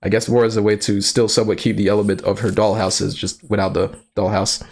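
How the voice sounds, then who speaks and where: A streamer giving casual live commentary, slangy and profane, who laughs often and breaks into excitable outbursts. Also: low voice, fast, hardly any pauses.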